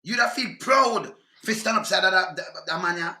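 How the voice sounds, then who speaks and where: A man's voice: sits high, brisk, bright, forceful tone, roomy sound. A man with a Jamaican accent in an angry, profane rant reacting to clips. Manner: heated, profane, scolding.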